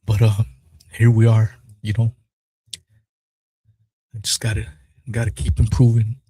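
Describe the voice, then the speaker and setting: A man's voice: on the low side, completely flat delivery, a little slow, mellow, slightly rough, no room sound. A man hosting a solo podcast, speaking raw and emotional, swearing freely as he talks through personal feelings and a philosophy of self-improvement. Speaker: podcast host. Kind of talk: solo podcast talk, live stream.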